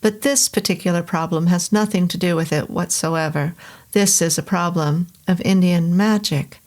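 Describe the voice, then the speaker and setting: A woman voicing a calm, earnest man in a story, who speaks in a measured, serious way. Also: fairly low pitch, lightly acted.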